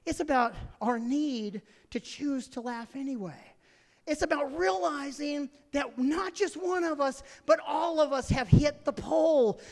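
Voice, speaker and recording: A middle-aged man doing stand-up storytelling, animated, swinging between loud shouting and hushed whispers. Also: very high-pitched, measured pace. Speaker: stand-up comedian. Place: large theater stage. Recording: reverberant theater sound.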